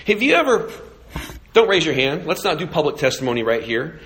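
A man's voice: fairly high pitch, very animated, brisk, a bit bright. A man preaching a sermon, telling a story with animation and asking rhetorical questions. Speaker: pastor.

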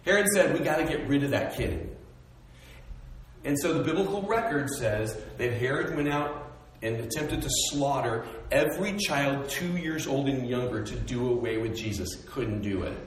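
A man preaching a sermon in an animated storytelling way, swinging between loud and hushed, recorded from a distance in a large hall. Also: medium pitch, normal speed, slight background noise. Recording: echoey hall, distant mic.

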